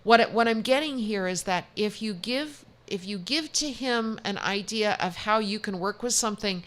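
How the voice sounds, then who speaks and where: Woman psychic, mid-pitched, chatty, reassuring tarot reader. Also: a bit bright. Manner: chatty and reassuring, quick restarts. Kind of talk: tarot reading on a talk show.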